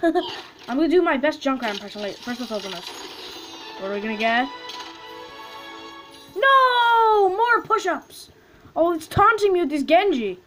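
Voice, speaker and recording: High-voiced excitable woman gamer. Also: a little fast, soft background music, low-quality recording. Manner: excitable, chants names and squeals at drops. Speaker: gaming video host. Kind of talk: casual loot box opening commentary.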